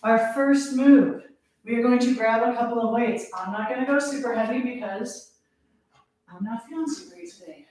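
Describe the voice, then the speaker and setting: A woman's voice: on the high side, moderate pace, a little mellow. A woman fitness instructor leading a live workout, counting reps aloud, out of breath and laughing at herself. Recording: echoey room, voice from a distance.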